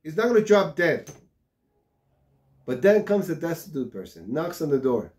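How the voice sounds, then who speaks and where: A man giving a sermon as a rabbi, telling parables and building to shouted passages. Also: fairly high pitch, very animated, moderate pace. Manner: tells parables with acted-out dialogue.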